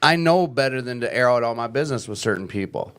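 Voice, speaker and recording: A man's voice: mid-range voice, animated, fast, fairly bright tone, clean tone. A man hosting a casual recovery chat, speaking earnestly and plainly with loose phrasing.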